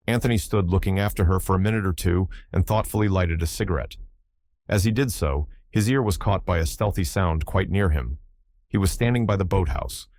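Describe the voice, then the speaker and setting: A man narrating an audiobook in a measured, even scripted reading, recorded close to the mic. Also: deep voice.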